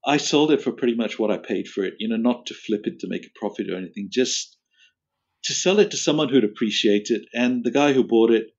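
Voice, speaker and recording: Aussie guy chatting easy as a podcast guest, laughs a lot, muffled lo-fi audio. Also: medium pitch. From Australia. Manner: relaxed, chatty, laughs easily. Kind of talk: casual interview chat. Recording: dull lo-fi audio.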